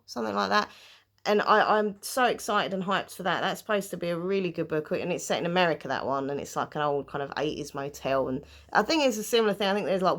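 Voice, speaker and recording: A woman vlogs about a pile of new and used books, gushing over each one and reading the blurbs aloud. Her voice sits a little low for a woman. She talks chattily, trips over words now and then, and laughs it off. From United Kingdom. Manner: chatty and enthusiastic, loses her place and laughs it off. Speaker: book vlogger. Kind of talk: casual book haul chat with blurbs read aloud.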